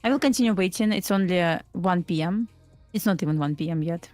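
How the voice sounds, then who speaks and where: A woman's voice: lowish voice, fast, a little mellow, no room sound, faint music behind. A woman trader on a live stream, explaining her setups steadily with frequent "uh" and "like". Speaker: trader on a live trading show. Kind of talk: casual live-stream chat.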